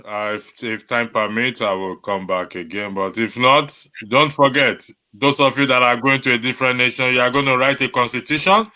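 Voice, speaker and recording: A man's voice: medium pitch, steady tone, moderate pace, hardly any pauses, bright, forceful tone. A man on an online panel who teases the others. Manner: joking, teasing.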